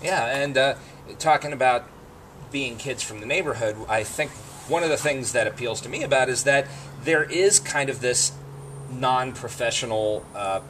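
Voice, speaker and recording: A man's voice: medium pitch, moderate pace, fairly bright tone, slight background noise, low-quality recording. A man co-hosting an interview, asking questions hesitantly with many fillers. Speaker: co-host. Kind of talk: casual interview.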